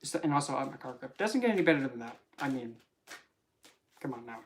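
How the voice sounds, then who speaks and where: A casual tarot vlogger with a mid-pitched voice who rambles through readings. The delivery is chatty and full of jokes and self-corrections. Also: big pitch swings, quick pace, slight background noise. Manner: rambling, joking, self-interrupting. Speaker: tarot reader.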